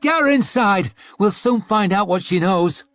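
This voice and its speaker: A man voicing an angry working man in a riot, rough and threatening. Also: a little high, animated, slow pace, dry recording, soft background music, voice pushed up. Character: angry rioting working men, barking orders.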